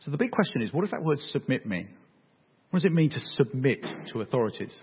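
Lively preacher in an echoey hall. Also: male voice, mid-range voice, fast, breathy edge. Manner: animated and joking with the congregation. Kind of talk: sermon. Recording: phone-like, echoey hall sound.

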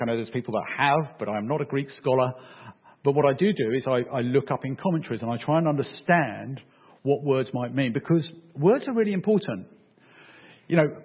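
Husky man preaching conversationally. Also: medium pitch, narrow, tinny audio. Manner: conversational, checks in with "okay?". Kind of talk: sermon.

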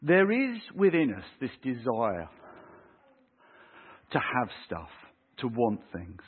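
A man preaching a lively sermon, acting out little scenes with family voices. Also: medium pitch, slow, slightly rough. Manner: animated, acts out voices of kids and parents. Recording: tinny phone-like sound.

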